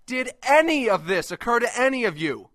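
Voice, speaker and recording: A man's voice: extremely high pitch, big pitch swings, normal speed, a bit bright, dry recording, studio quality, full character voice. A man voicing a crude, short-tempered cartoon host who mocks everyone in an abrasive tone. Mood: scornful. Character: foul-mouthed, contemptuous cartoon man host. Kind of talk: comedic web cartoon voice acting.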